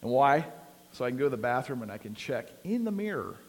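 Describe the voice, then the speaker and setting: A man's voice: medium pitch, sing-song, fast talker. A man preaching a sermon in a casual, conversational way, using many fillers and rising to emphatic peaks. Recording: long hall reverb.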